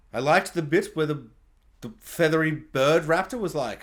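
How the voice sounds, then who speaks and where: A man's voice: on the high side, big pitch swings, brisk. A man giving a casual, rambling film review that keeps interrupting itself and slipping into silly character voices.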